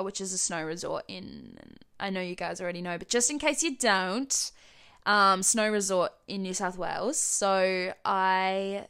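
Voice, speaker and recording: A woman's voice: fairly low pitch, fairly bright tone, clean tone. Chatty young Australian woman vlogger. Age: young adult. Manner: chatty, rambling, frequent "like" and giggles. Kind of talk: casual chat to camera.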